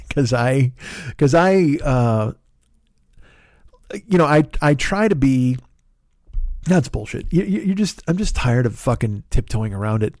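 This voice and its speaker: A man's voice: medium pitch, big pitch swings, moderate pace, creaky, a little mellow, no echo, clean studio sound. A middle-aged male comedian hosting his own show, telling a rambling, profane, self-deprecating story in a casual monologue. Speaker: comedian and podcast host.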